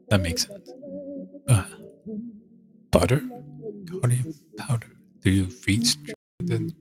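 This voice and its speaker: A man hosting a show, rambling casually and thinking aloud with halting restarts. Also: on the low side. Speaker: show host. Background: music playing.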